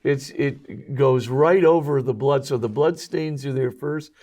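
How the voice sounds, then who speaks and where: A man who is a Jesuit priest and scholar, a guest on an interview show, explaining technical details in a halting way full of ums and uhs. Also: mid-range voice, warm tone.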